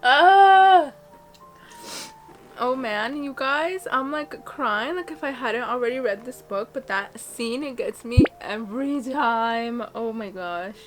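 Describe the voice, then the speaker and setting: A woman's voice: fairly high pitch, a little slow, few pauses, music in the background. A young woman in her twenties chatting casually on a book vlog from her reading corner at home, gushing and emotional. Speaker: book vlogger.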